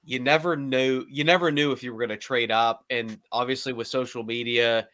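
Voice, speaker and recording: A man tells stories on a casual podcast, his voice bright and forceful and the sound dry and close. He talks in animated bursts, laughing and slipping into impressions. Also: mid-range voice, a little fast, dry recording. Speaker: podcast co-host, former team staffer.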